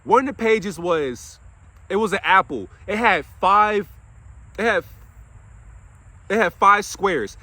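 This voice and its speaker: A man's voice: high voice, animated, slow, pauses often, bright, forceful tone, dry recording. A young man, an after-school counselor, delivering an impassioned monologue, preaching and swearing, asking himself questions and answering them. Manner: swears while venting.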